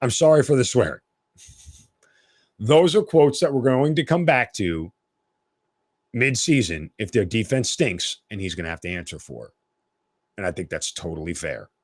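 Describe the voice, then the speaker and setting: Animated man hosting a sports podcast. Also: lowish voice, normal speed, dry recording. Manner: animated, opinionated, blunt. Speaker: podcast host. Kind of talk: solo sports podcast commentary.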